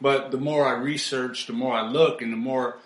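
A man co-hosts a casual podcast, speaking at a middle pitch with emphatic, repeated phrases. His voice rings in a noticeably echoey room. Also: steady tone, normal speed. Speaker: podcast co-host. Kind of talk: casual chat.

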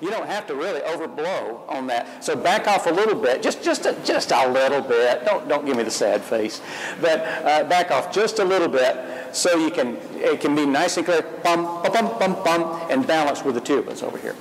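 A man's voice: fairly high pitch, lively intonation, normal speed, a little hiss or hum, rough recording. A man leading a school band rehearsal, giving upbeat, encouraging instructions and singing the rhythms on syllables. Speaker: band clinician conducting a rehearsal.

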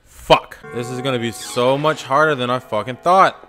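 A man's voice: medium pitch, normal speed, bright, forceful tone, faint music behind. A man playing a horror game while commenting on it, muttering, swearing and breaking into frantic outbursts. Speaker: gaming YouTuber.

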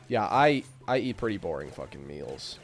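A man hosting a casual gaming chat, relaxed, swearing and laughing often. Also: sits low, normal speed, soft background music. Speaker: gaming channel host.

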